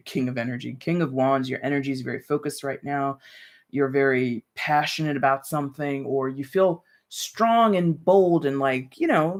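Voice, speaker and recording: In a medium-pitched voice, a tarot reader hosts a relaxed live stream and talks to viewers as though they were friends. Her speech rambles loosely, packed with "like" and "you know," and she laughs lightly between card readings while addressing viewers directly.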